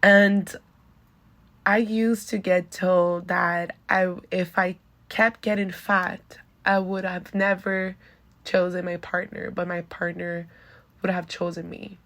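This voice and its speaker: Candid woman host with a gravelly edge. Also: on the low side, level tone, slow, fairly bright tone. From Venezuela. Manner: candid and chatty, heavy use of "like". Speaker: podcast host. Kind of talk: casual personal monologue.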